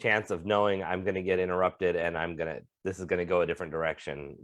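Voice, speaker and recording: A man's voice: low voice, steady tone, fast, no room sound. A man co-hosting a comedy podcast, talking in an earnest, thoughtful and supportive way. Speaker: podcast co-host, comedian and motivational speaker. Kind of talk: casual chat.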